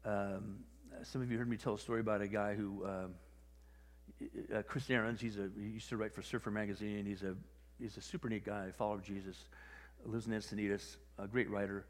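A man preaching a sermon in a conversational, animated way, often acting out quoted voices. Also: on the low side, a little fast, in a large hall. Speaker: pastor.

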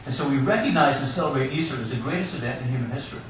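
A man's voice: medium pitch, racing. A man preaching an Easter sermon, telling personal stories with joking asides. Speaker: pastor. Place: church sanctuary. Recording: echoey church room, distant mic, background hiss.

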